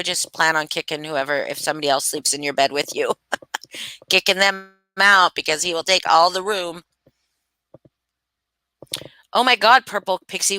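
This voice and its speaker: A woman's voice: fairly low pitch, bright, forceful tone, smooth, dry recording. A woman hosting a casual live stream, gushing and swearing freely as she chats with viewers. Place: home.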